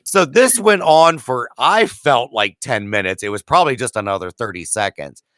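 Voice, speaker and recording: A man's voice: animated, moderate pace, pushed and bright, dry recording, clean studio sound. A man in his forties, a podcast co-host, casually telling a self-mocking, profane story and acting out the other voices. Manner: profane, self-mocking, acts out quotes with rising pitch.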